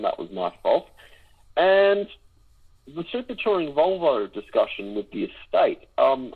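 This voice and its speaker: A man's voice: lowish voice, slightly rough. Man on a dull, lo-fi line. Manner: dry, self-mocking humour with many "uh" pauses. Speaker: podcast co-host. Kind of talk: casual podcast banter.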